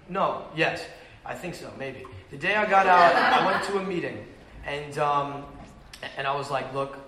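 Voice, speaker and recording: A man's voice: mid-range voice, fairly bright tone, a little hiss or hum. A young man telling his recovery story at a meeting, swearing and rambling, with lots of fillers. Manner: profane, rambling, loose storytelling with frequent fillers. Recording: echoey room with faint ambience.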